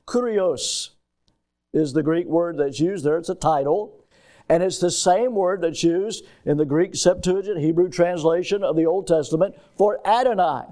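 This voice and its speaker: High-voiced preacher teaching scripture. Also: male voice, a little mellow. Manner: teacherly, asks the congregation questions; reads scripture in King James wording. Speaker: pastor. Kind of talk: expository sermon.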